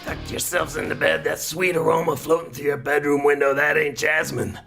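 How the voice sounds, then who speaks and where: A man doing an impression of a lecherous, howling late-night male radio DJ with a gravelly voice. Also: a little high, level tone, a little fast, a bit bright, faint music behind. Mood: leering. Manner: howling, growling lines, lewd bragging. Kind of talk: parody radio DJ intro.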